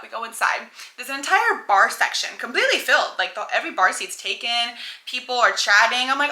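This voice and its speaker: Bright-voiced chatty American woman host. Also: a little high, expressive, fairly quick, roomy sound. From United States. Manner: chatty, slangy, lots of "like" and "you know". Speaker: podcast host. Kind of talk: casual storytelling chat.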